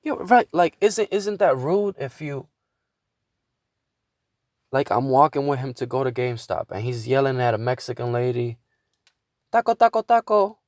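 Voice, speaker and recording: A man's voice: medium pitch, normal speed, long pauses, darkish tone, no echo. Frustrated man venting in a dry room. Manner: frustrated, venting, swears a lot, stumbles and repeats words. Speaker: podcast host. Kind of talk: casual monologue rant.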